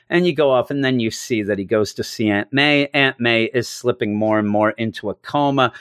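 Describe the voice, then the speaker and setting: A man co-hosting a casual podcast chat, animated and laughing as he acts out scenes. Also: mid-range voice, normal speed, few pauses, no room sound, studio quality. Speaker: podcast co-host. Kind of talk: casual comic book discussion.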